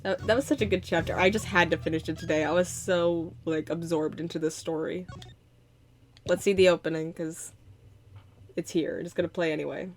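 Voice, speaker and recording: A woman streamer reacting to a story game, emotional and gushing, breaking into exclamations. Her voice is on the low side. Soft game music plays faintly under her talk. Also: fairly even intonation, moderate pace. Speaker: gaming streamer. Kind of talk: let's play commentary.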